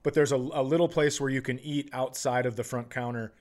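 A man's voice: medium pitch, fairly even intonation, brisk, darkish tone. A man hosting a podcast, chatting casually and telling a profane story while acting out quotes. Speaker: podcast host.

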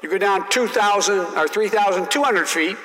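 A man doing an impression of a shrewd older Southern senator with a stammering, drawn-out, folksy way of lecturing. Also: sits high, pushed and bright, long reverb tail, pitched above the performer's own voice, low-quality recording.

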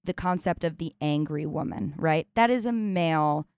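A woman hosting a casual conversation, speaking reflectively and often pausing to find the right words. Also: deep voice, a little mellow.

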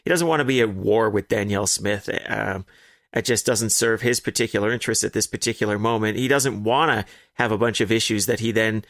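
Low-voiced man weighing up politics. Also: fairly bright tone, dry recording, studio quality. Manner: measured, analytical, occasional swearing. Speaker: political commentator. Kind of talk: casual political chat.

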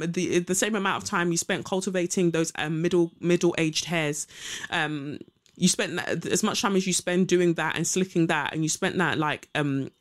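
A young adult podcast host who chats casually, reads news items aloud and gives sarcastic, opinionated takes full of fillers. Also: medium pitch.

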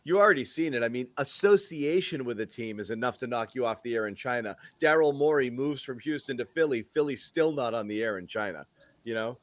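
مقدم بودكاست رجل، صوت جاف قريب من الميكروفون، حديث عفوي مسترسل. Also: male voice, medium pitch, fairly quick, no room sound. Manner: relaxed, rambling, trailing filler phrases. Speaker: podcast host. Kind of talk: casual chat.

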